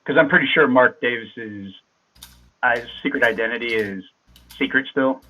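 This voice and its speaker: A man playing in a tabletop game, relaxed and a little hesitant. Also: mid-range voice, normal speed. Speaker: player. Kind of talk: casual tabletop play. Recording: tinny phone-like line.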